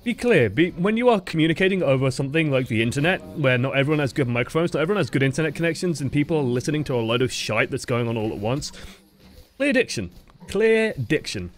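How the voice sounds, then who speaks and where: A man coaching players through a gameplay review, blunt and sweary with lively reactions, close to his microphone. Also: medium pitch, racing, hardly any pauses. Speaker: game coach reviewing footage. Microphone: close desk microphone.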